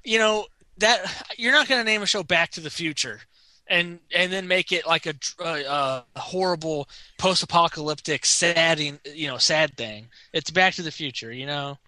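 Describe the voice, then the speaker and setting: Guy chatting about tv, really bright voice, slightly high, dry close mic. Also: no echo. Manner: chatty, jokey, puts on quick silly voices. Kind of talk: casual TV chat.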